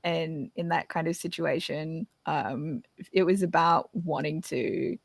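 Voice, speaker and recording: A young woman hosting a casual chat, candid and animated, laughing often. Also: low-pitched, slow, gravelly, no echo. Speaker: podcast host.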